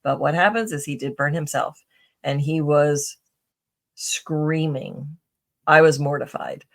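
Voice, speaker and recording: A middle-aged woman on a podcast, speaking in a low voice and taking her time. She tells personal stories in a casual interview, chatty and full of fillers and restarts, often tagging on "right?"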